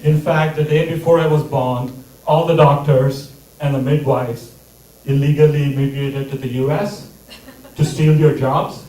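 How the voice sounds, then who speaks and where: A man performing stand-up with a dry, mock-serious delivery, his voice sitting a little high. He is picked up from a distance in an echoey room, with loud background noise. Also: little pitch movement, unhurried. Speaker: stand-up comedian. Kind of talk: stand-up comedy set. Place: comedy theater stage. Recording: echoey theater mic from a distance.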